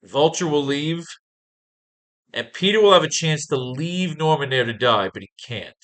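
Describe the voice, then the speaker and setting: Excitable, foul-mouthed man planning comics. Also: on the high side, moderate pace. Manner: excited, profane, reads comic panels aloud. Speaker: writing class teacher. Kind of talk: casual comic-planning talk.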